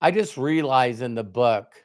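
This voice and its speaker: A man's voice: mid-range voice, animated, measured pace, a little mellow. A man giving a motivational talk, telling a personal story with emphatic quoted dialogue. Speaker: motivational speaker.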